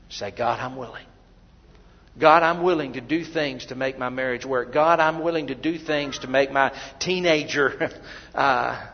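A male preacher delivering a fervent sermon in a church sanctuary. His voice sits a touch higher than most men's, and it climbs to loud, emphatic peaks, stumbling over repeated words as he presses on. The recording is dull and lo-fi, with a long reverb trailing through the hall.

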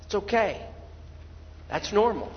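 A man preaching a sermon as pastor, swinging from quiet, low asides to loud, pleading cries. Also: sing-song, slow, long reverb tail, lo-fi sound. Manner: preaching with sudden loud cries when voicing people praying.

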